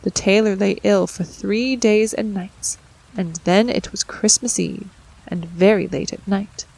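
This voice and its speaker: Woman storybook narrator: gravelly, husky tone, expressive and playful with character sounds. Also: mid-range voice, a little slow, poor audio. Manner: expressive, acts out voices and sounds. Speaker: audiobook narrator. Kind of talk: storybook reading.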